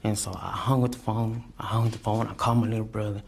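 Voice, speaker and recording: A man giving courtroom testimony, halting and repeating his words, often adding "you know what I'm saying". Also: fairly low pitch, flat delivery, vocal fry, a little mellow, a little hiss or hum. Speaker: defendant testifying.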